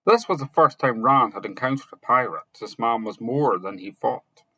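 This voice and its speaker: A man narrating chapters of a fantasy novel, reading slowly and haltingly, sometimes correcting himself and only lightly voicing the characters. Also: mid-range voice, animated, bright, forceful tone, husky, no echo, low-quality recording. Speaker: audiobook narrator.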